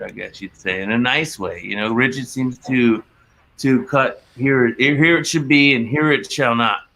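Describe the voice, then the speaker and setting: A man from Mississippi chats as a guest in loose, rowdy podcast banter. His tone is bright and forceful, and he hypes everyone up with playful shouts. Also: mid-range voice, slight background noise. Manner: loud, playful, hypes up the others. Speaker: band member guest.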